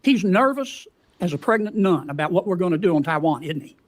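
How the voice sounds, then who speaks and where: Man, high voice, folksy drawl, leading questions, hearing-room questioning. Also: animated, a little fast.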